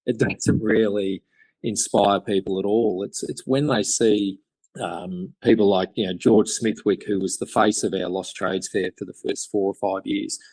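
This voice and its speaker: A man's voice: lowish voice, fairly even intonation, unhurried, darkish tone, husky, no room sound, poor audio. An Australian man, a craftsman guest on a podcast, telling stories in an enthusiastic, rambling way. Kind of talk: casual interview chat.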